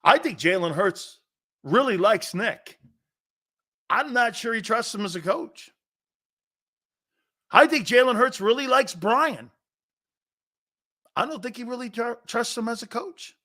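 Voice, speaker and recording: Bright-voiced man hosting sports talk. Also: very high-pitched, expressive, measured pace, pauses often. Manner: loose, profane, laughs often. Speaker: sports talk show host.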